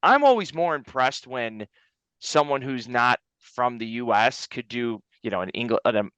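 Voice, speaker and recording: Smooth-voiced man, dry close sound. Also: medium pitch, moderate pace, dry recording. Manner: animated storytelling, acts out his own reactions. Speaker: film podcast co-host. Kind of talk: casual chat.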